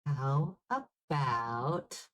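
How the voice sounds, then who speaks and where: Streamer, woman, low voice, very slow and drawn out, giggly chat between songs. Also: big pitch swings, a bit bright. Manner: chatty, giggly, thinking aloud. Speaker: livestream karaoke host.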